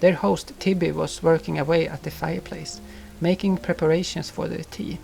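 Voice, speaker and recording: A man narrating a storybook in a gentle, unhurried manner. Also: a little high, little pitch movement. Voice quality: gravelly. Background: soft guitar music.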